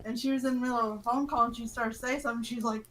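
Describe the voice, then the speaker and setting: A woman's voice: on the high side, fairly even intonation, rapid-fire, far from the mic, a little hiss or hum, low-quality recording. A woman in playful, teasing casual chat on a group call. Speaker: gift exchange participant.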